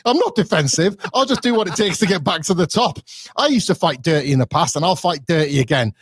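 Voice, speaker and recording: A man's voice: on the high side, animated, fast talker, breathy edge, no room sound, clean studio sound, pitched above the performer's own voice. A man putting on a brash, defiant male wrestling star who insists, riled up, during a promo.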